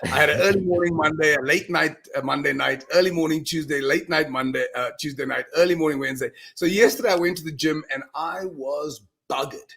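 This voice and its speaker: A man talking as a guest in a casual interview, telling animated stories and acting out his own self-talk, often restarting words. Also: fairly high pitch, a little fast, gravelly, few pauses. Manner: animated storyteller, repeats words when restarting. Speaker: podcast guest, mindset coach.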